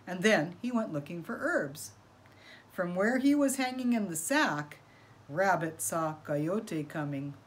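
Storyteller, woman, expressive picture-book reading, slow and unhurried. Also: on the low side. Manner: expressive, asking listeners questions.

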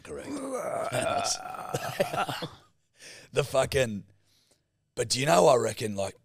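A man's voice: mid-range voice, expressive, normal speed, gravelly, no room sound, clean studio sound. A young man, co-hosting a podcast in casual chat and swearing freely as he tells crude yarns. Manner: sweary, laid-back banter. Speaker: podcast co-host.

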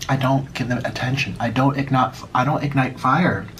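A man's voice: medium pitch, steady tone, moderate pace, a bit bright, a little hiss or hum. An American man chatting casually while eating on camera, swinging into dramatic mock outrage and a little out of breath. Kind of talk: casual mukbang vlog chat.

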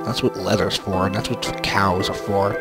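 A man's voice: low-pitched, steady tone, normal speed, vocal fry. A young man casually commenting on his own gameplay through a headset, rambling to himself with playful sing-song bits. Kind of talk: casual let's-play commentary. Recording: game music playing under the voice.

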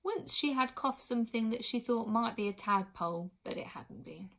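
A woman reading a children's storybook aloud as narrator, clear and expressive. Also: fairly high pitch, moderate pace. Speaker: audiobook reader.

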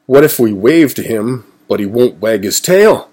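A man reading a children's picture book aloud, slowly and clearly. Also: mid-range voice, expressive, darkish tone. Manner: slow, clearly paced reading. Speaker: storybook reader. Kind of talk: children's storybook read-aloud.

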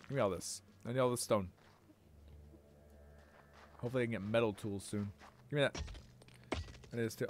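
A man's voice: on the high side, slight background noise. Playful, cursing male game streamer. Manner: playful, swears and talks back at game creatures; sudden loud outbursts. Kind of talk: casual let's-play commentary.

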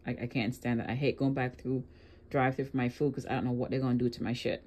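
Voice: mid-range voice, fairly even intonation, fast talker, a little mellow. A reaction video host commenting on a clip in a sarcastic, lecturing way.

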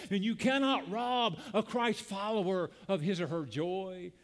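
A man's voice: sits high, a little slow, hardly any pauses. A man preaching a sermon as a pastor, speaking to a congregation, calling out lines for them to repeat and building to emphatic peaks. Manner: preaching with call-and-response and rising emphasis. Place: church sanctuary.

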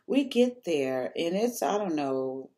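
A woman's voice: sits low, sing-song, slow pace, mellow. A woman telling a personal story to the camera in a casual, rambling way, swearing freely and filling gaps with ums and restarts.

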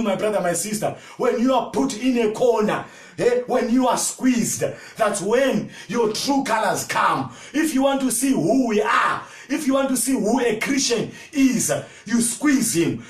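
Fervent preaching man, high and echoey. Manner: fervent preaching with call-and-response, often shouting. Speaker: pastor. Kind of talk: sermon. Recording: echoey room, from far off.

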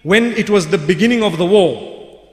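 A man's voice: sits high, normal speed. A man giving a sermon, telling a story in a vivid, emphatic way and repeating key phrases for weight. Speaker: Islamic preacher. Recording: echoey hall with long reverb.

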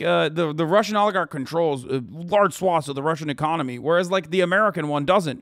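Male streamer in his thirties, incredulous profane ranter, slightly high voice, dry close mic. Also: fairly bright tone, no echo. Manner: profane, incredulous, rapid-fire ranting. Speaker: streamer reacting to a video. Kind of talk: live stream commentary.

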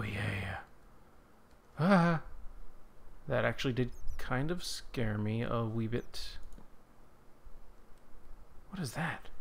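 A man hosting a gaming channel, chatting casually over his own gameplay in a rambling way that breaks into startled, excited exclamations. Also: mid-range voice, creaky. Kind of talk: casual let's-play commentary.

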